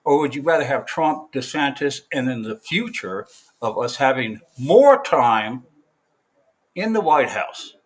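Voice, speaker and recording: A man's voice: medium pitch, animated, a little slow, slightly rough, poor audio. Man, vlogger, opinionated, rambling, casual monologue. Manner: opinionated, rambling with fillers and restarts. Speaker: vlogger giving an update.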